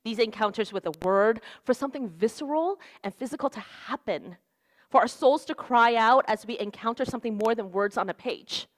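A young woman preaching a sermon in an earnest, conversational way, with lots of "like" and "right?". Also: fairly high pitch. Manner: casual, earnest, fillers like "like" and "right?".

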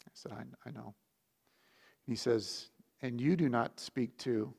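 A male pastor with a mid-range voice delivers a sermon through an animated personal story. His loudness rises and falls as the tale builds. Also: mid-range voice, normal speed, gravelly, pauses often. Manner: animated storytelling with lively shifts in volume.

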